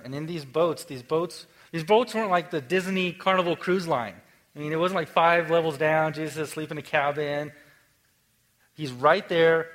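A male pastor delivering a sermon in a relaxed, everyday manner. His voice sits a little high. He swings from animated bursts to soft, near-whispered passages. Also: normal speed, poor audio. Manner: conversational, swings from energetic to hushed.

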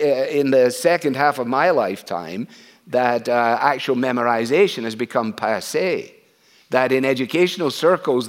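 An earnest, middle-aged or older man preaching an expository sermon at a medium pitch. He talks in a conversational way, with frequent "uh" pauses and rhetorical questions thrown to the listeners.

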